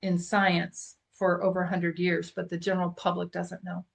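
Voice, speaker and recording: A middle-aged woman guesting on a podcast, telling a personal story in a lively, chatty way with frequent laughs. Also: on the low side, normal speed, creaky. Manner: animated storyteller who laughs often. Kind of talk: casual storytelling interview.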